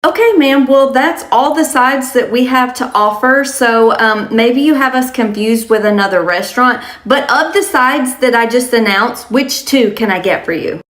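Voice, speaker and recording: A woman telling comic restaurant stories as a server, sarcastic and deadpan. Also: a little high, moderate pace, hardly any pauses. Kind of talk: comedic storytelling. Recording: roomy echo with music.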